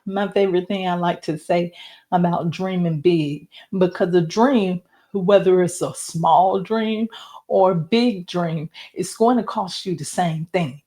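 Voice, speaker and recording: A woman giving an oracle card and numerology reading, talking slowly and reflectively straight to the viewer. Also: lowish voice, warm tone. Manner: slow, reflective, speaks to viewer directly.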